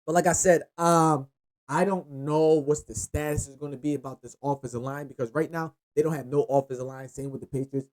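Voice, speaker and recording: A man's voice: a little high, brisk. A man hosting his own sports picks show, rambling loosely and cursing as he runs through the games. He speaks with in an easy, unscripted way. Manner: loose, profane, rambling, lively. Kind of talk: casual sports picks monologue.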